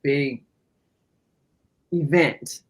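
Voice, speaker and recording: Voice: medium pitch, husky. A talk show host who listens attentively and says little, then speaks at length. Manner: slow, attentive listener, many short replies. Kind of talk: casual radio talk.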